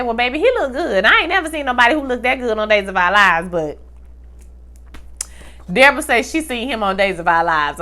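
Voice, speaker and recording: A woman giving a casual comedic TV recap, animated and sassy, full of slang, acting out the characters' lines. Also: sits high. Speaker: TV recap reviewer.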